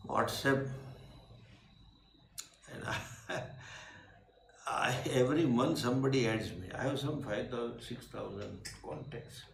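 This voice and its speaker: An older man with an Indian English accent giving an informal spiritual talk, animated with laughing asides and emphatic bursts. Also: mid-range voice, measured pace, gravelly, pauses often. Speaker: swami, spiritual teacher. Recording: echoey room with faint background noise.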